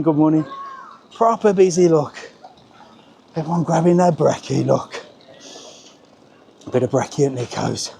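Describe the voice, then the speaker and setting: Here the Birmingham travel vlogger's voice is fairly high and mellow, with slight background noise. He's walking a hillside street outdoors on a live vlog, breathless, chatting casually in loose slang.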